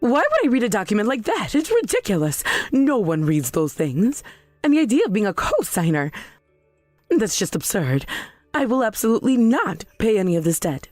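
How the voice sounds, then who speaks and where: A woman's voice: medium pitch, very animated, normal speed, darkish tone, no room sound, soft background music. A woman voicing an indignant, defensive middle-aged mother in a text-message story drama. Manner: indignant, demanding.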